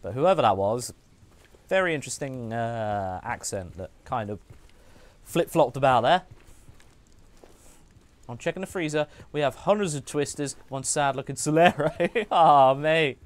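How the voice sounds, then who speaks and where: A man's voice: mid-range voice, lively intonation, unhurried. A man streaming a game, chatting and joking and muttering asides to himself as he plays. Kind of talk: casual gaming commentary.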